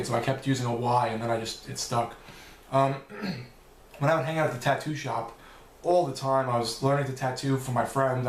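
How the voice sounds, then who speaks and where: A man's voice: mid-range voice, echoey room. A man answering viewer questions in a loose, rambling vlog, swearing now and then. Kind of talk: casual Q&A vlog.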